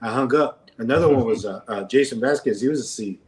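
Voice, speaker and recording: Male podcast guest, rambling anecdotal delivery, distant and roomy. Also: fast. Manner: rambling, full of fillers, acts out quoted lines in a higher voice. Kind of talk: casual storytelling. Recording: roomy and off-mic.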